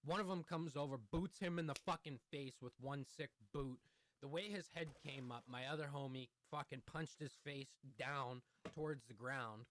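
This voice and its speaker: A man's voice: mid-range voice, normal speed, a bit bright, a little hiss or hum. A young man telling a heated, profanity-heavy story in a storytime vlog. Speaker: vlogger.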